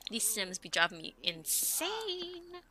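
A young woman talks through her game with a bright, sharp, high voice that swings all over the place. She gets exasperated and shouts at the characters on screen, then drops back into chatty commentary. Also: big pitch swings, slow. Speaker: let's play gamer. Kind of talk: casual gameplay commentary.

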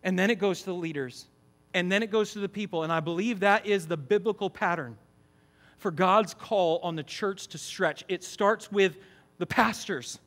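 A middle-aged man preaches a sermon with a high-pitched voice. He is emphatic and keeps asking his listeners questions as he goes. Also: moderate pace, a bit bright. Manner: emphatic, asks the congregation questions. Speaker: campus pastor.

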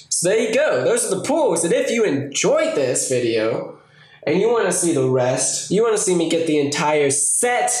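A young man giving casual, joking commentary while opening card packs, swearing often. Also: sits high. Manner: excitable, swears a lot, jokey asides. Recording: echoey room with faint noise.

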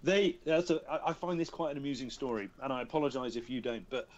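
Male guest, chatty raconteur, mid pitch, dull lo-fi call audio. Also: quick pace. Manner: chatty, self-amused storyteller. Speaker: voice actor guest. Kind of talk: casual podcast chat. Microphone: remote call.

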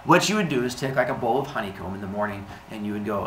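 Guy teaching a class on video, super animated, keeps saying like, echoey room w faint hiss. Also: on the low side, fast talker, hardly any pauses. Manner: chatty, says "like" often, acts out little scenes. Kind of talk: recorded remote lesson.

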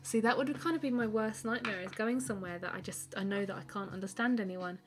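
Laughing often and rambling with lots of fillers, a woman chats casually on a live stream as she draws, reading viewer comments aloud so she can answer them. Her fairly high voice moves briskly, with faint music playing behind her.

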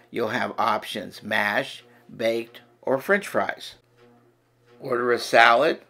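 Slow, gravelly male ESL narrator. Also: mid-range voice, pushed and bright. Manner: slow, listing terms one by one.

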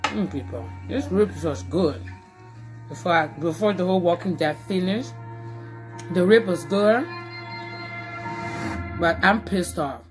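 A woman vlogging a casual food and TV reaction, talking in an excitable, emphatic way and repeating phrases, with TV audio behind her. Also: on the low side, a little slow, pauses often, over music.

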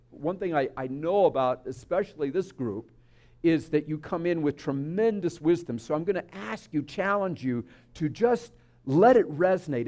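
Man preaching in a conversational, storytelling way, somewhat high voice with a lot of pitch movement. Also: a little mellow. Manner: conversational, storytelling with audience asides. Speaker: speaker at a spiritual community service. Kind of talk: sermon. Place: church service.

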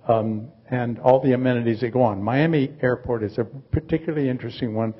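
Husky man in his eighties. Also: medium pitch, fairly even intonation, dull audio. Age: 80s. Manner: rambling, halting, dry humor. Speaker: artist, guest. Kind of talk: live onstage conversation.

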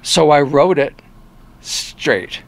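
An older man with a Michigan accent tells stories from his reporting days in an unhurried, chatty way. He slips into quoted voices and jumps in pitch as he acts them out, and he restarts sentences often. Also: creaky. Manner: animated storyteller who acts out quoted voices. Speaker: interview guest, former newspaper reporter. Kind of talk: casual storytelling in an interview.

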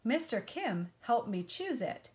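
A woman's voice: on the high side, big pitch swings, takes it slowly, a little mellow. A woman voicing a friendly, curious young schoolboy in a storybook reading.

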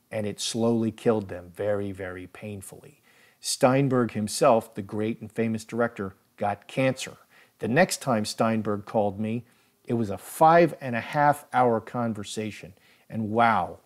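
A man narrating a first-person story in a solemn, deliberate, insistent way. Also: on the low side, a little mellow.

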